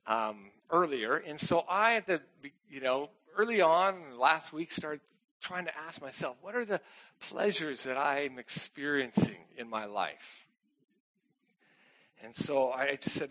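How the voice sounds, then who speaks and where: A man's voice: a little high, animated, moderate pace, bright, forceful tone. A middle-aged man preaching a casual, conversational sermon, chatty and self-deprecating, often asking the congregation "okay?". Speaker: pastor.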